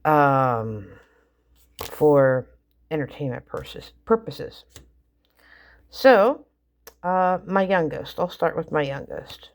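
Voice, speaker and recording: A woman's voice: low voice, takes it slowly. A middle-aged mother casually telling funny stories about her kids, rambling with fillers and restarts. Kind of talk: casual storytelling.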